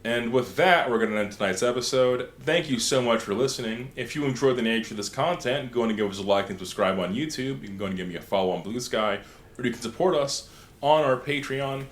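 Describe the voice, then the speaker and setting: A man hosts a casual podcast, recounting stories with lively energy and jumping into short character bits. His voice sits at a middle pitch. The recording carries a roomy echo. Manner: animated storytelling, acting out characters in quick asides. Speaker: podcast host. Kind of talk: casual lore discussion podcast.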